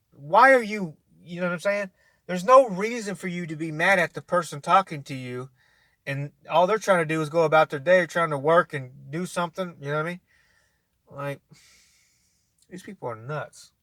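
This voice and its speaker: A man's voice: a little high, fairly bright tone, no room sound. A man ranting casually to camera, blunt and profane, rambling with many restarts and talking straight at the listener. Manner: argumentative, addresses listener directly. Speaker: vlogger.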